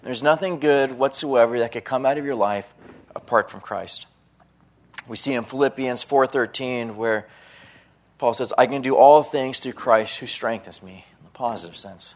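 A man delivers a sermon with earnest conviction. His voice sits at a middle pitch, and he often repeats a word as he gets a phrase going. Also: normal speed. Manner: earnest, repeats words when starting phrases. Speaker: pastor.

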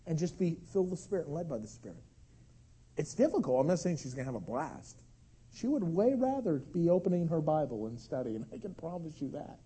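A man in his thirties delivers a sermon, his high voice swinging widely in pitch as he tells a story. His tone carries a husky edge. He acts out cries and shouts within the story. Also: very animated, brisk. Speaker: pastor.

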